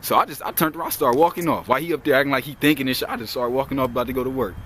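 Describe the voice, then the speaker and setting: A man's voice: mid-range voice, racing, few pauses, fairly bright tone, slight background noise. A young man vlogging outdoors, retelling a work story in a heated, profane, rambling way. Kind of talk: casual storytelling.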